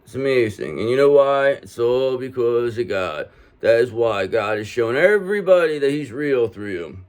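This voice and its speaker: A man's voice: mid-range voice, animated, moderate pace, darkish tone. Man giving a reassuring tarot reading. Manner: reassuring, talks straight to the viewer, many "okay?" tags. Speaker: tarot reader.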